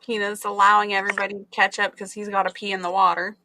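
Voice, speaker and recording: Bright-voiced woman chatting on a livestream. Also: mid-range voice, level tone, fast talker, low-quality recording. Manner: chatty, laughs often, reads out viewer comments. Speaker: livestream co-host reading chat. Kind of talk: casual livestream chat.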